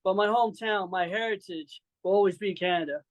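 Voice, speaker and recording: A man's voice: high-pitched, fairly quick, no room sound, poor audio. A man in his forties from Saint Louis, a wrestler guest chatting loosely with lots of fillers and some brash trash-talk. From Saint Louis, Missouri. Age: 40s. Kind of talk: casual interview chat.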